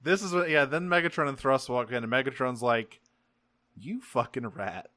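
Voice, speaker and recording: Smooth and mid-range, this podcast co-host's voice carries no room sound. Swearing freely and full of energy, he runs through a cartoon episode, jumping into rapid character voices to perform their lines.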